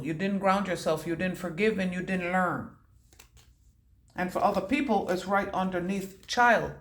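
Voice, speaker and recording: Woman psychic reader, loose and punning, mid-range voice, echoey room. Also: medium pitch. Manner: free-associating, punning, casually cussing. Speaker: intuitive reader. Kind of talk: channeled intuitive reading.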